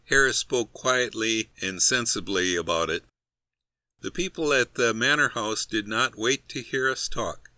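A man's voice: mid-range voice, a little slow, pushed and bright, dry recording. A man reading a humorous story aloud in a dry, wry storytelling manner. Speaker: narrator. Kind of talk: scripted narration.

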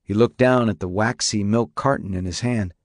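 A man narrating a story in a steady, measured audiobook reading. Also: fairly low pitch, no echo, studio quality.

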